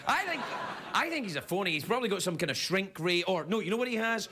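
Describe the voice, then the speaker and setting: A man's voice: high voice, fast, noisy background. A man with a Scottish accent, hosting a late-night show and delivering a jokey comedy monologue. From Scotland. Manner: jokey, animated, slips into silly voices. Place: TV studio with live audience.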